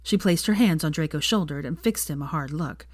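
A woman narrating a fan fiction story aloud, reading expressively and slowing down to voice the dialogue. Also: low voice, no room sound, clean studio sound. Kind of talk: audiobook-style story narration.

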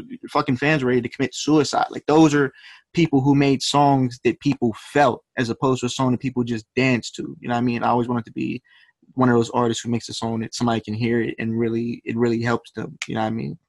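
A man's voice: mid-range voice, little pitch movement, brisk, no room sound. Young man, rapper guest, laid-back slangy storytelling, lots of swearing, dry close sound. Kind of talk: casual interview chat.

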